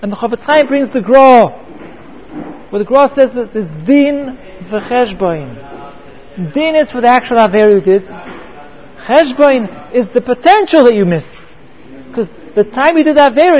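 A man's voice: extremely high pitch, animated, normal speed, highs cut off. A man teaching a Torah class, often repeating words and mixing in Hebrew terms.

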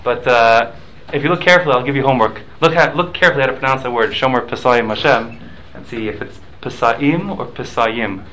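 A man's voice: medium pitch, fairly quick, few pauses, fairly bright tone, a little hiss or hum, rough recording. A man teaching a Talmud class, explaining rules with examples and often repeating and restarting his words.

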